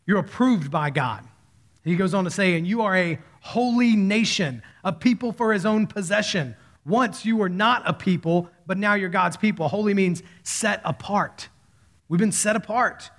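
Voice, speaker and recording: A pastor in his thirties preaches a sermon through conversational storytelling, giving animated voices to the people he quotes. He has a high voice and a moderate pace.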